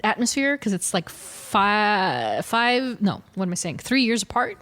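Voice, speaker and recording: A woman in her forties co-hosting a casual podcast chat, telling stories animatedly and correcting herself as she goes. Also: mid-range voice. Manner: animated storyteller, quick self-corrections. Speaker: podcast co-host.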